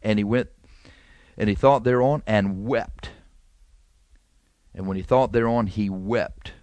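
A man preaching a radio sermon with fervor, repeating lines and climbing suddenly in pitch and volume. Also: takes it slowly, darkish tone, no echo.

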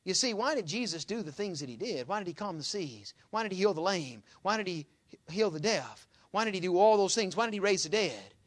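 A man preaching a sermon in a folksy manner, reading scripture loudly and dropping to quiet asides. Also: high-pitched, sing-song, a little fast.

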